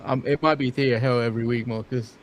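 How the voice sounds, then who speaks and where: A man's voice: medium pitch, steady tone, fast talker. A man from England with an English accent, co-hosting a casual stream with teasing banter. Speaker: co-host. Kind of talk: casual live-stream chat.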